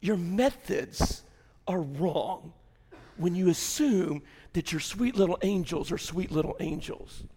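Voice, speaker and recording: An older man preaching a sermon, telling a family story and rising to loud, shouted peaks. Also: high voice, animated, slow, long reverb tail. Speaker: pastor.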